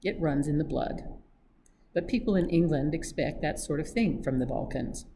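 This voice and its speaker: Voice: medium pitch, moderate pace, gravelly, warm tone, a little hiss or hum, natural voice, poor audio. A reader voicing a wry young male adventurer in an audiobook reading, answering in a dry, ironic way. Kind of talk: read-aloud audiobook acting.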